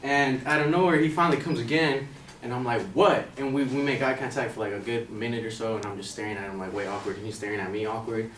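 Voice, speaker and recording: A man's voice: medium pitch, fast talker, recorded from a distance. Slangy young man telling a story, roomy. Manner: casual, animated, slangy, laughs along. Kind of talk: live personal storytelling. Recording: roomy hall from afar, faint noise.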